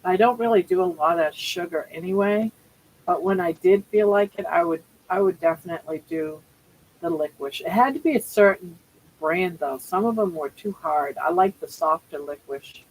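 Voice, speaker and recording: A woman's voice: on the low side, moderate pace, darkish tone, slight background noise, low-quality recording. Older woman, livestream host, casual live chat, chatty and rambling, frequent restarts, talking from home.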